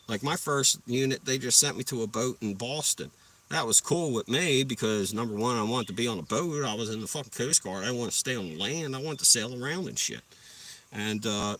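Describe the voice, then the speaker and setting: A young man with a medium-pitched, slightly bright voice hosts a livestream, chatting casually. He rambles through hyped, profane stories and asks viewers to like and subscribe. His voice sounds a bit distant from the mic.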